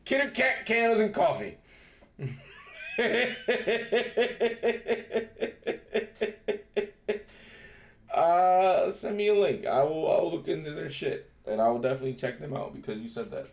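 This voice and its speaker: Slow, laid-back man in an echoey room. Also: fairly high pitch, expressive, creaky, slight background noise. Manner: laid-back, swears freely, laughs often. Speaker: live stream host. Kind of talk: casual chat with stream viewers. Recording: roomy echo.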